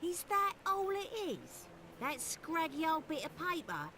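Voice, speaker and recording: An actress playing a sharp-tongued young female pirate who scolds and snaps quickly. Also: very high voice, huge pitch swings, noisy background, full character voice. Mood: scornful.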